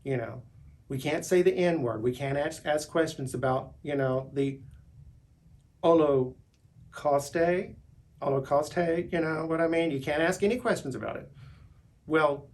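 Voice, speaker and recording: A man's voice, pitched a little high, carries this loose solo monologue. He is middle-aged, stops and restarts his phrases, and hammers on key words with rising emphasis. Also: moderate pace. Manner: rambling, emphatic, restarts words, voice climbs when indignant. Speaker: vlogger. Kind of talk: unscripted monologue to camera.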